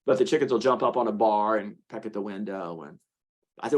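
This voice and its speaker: A man's voice: on the low side, animated, fast talker. A man presenting a treatment model to an audience, talking conversationally with fillers and restarts. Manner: tells patient stories with acted quotes. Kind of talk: lecture to an audience.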